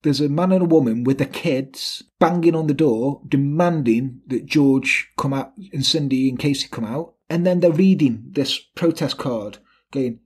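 A man's voice: mid-range voice, moderate pace, slightly rough. A man casually tells a true crime story on a podcast, swearing a lot and acting out what the people in it said. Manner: swears often, acts out quotes of the people in the story.

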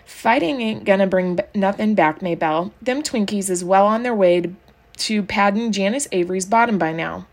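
A woman voicing a tired, reluctant ten-year-old country boy who drawls flatly in a storybook reading. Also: medium pitch, moderate pace, natural voice. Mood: weary. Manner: flat, drawling country-kid talk.

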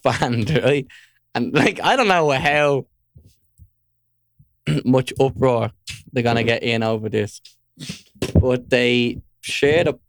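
A man co-hosting a podcast in casual chat, teasing and swearing freely, often clearing his throat. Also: mid-range voice, dry recording, clean studio sound. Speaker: podcast co-host.

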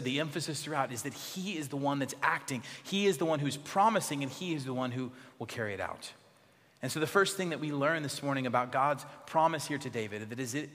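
A pastor preaching a sermon in a church, expressive, dropping to soft tones for emphasis. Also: male voice, medium pitch, long reverb tail.

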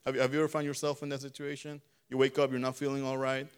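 A man preaching a sermon in a conversational way, often repeating words and restarting, then swelling louder on key phrases. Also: medium pitch, monotone, rapid-fire, clear, resonant tone.

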